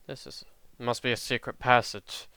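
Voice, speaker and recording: A man voicing a determined young hero who talks quietly to himself. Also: medium pitch, level tone, moderate pace, clean tone, no room sound. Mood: resolute. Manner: muttering to himself.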